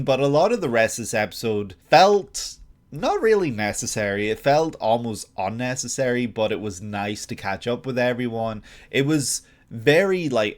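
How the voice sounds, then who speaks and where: A man with an Irish accent giving casual reaction commentary on an anime, gushing, laughing and thinking aloud with restarts. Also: mid-range voice.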